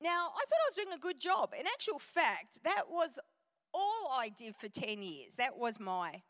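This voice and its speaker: A middle-aged woman giving a lively storytelling talk as guest speaker at a women's church event. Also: high voice, moderate pace. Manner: animated, storytelling. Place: church auditorium. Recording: reverberant church hall.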